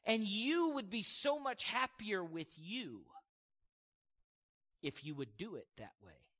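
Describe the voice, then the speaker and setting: A man's voice: sits high, sing-song, slow pace, bright, forceful tone, long reverb tail. A man preaching a sermon in an emphatic, conversational way, with casual asides to the congregation.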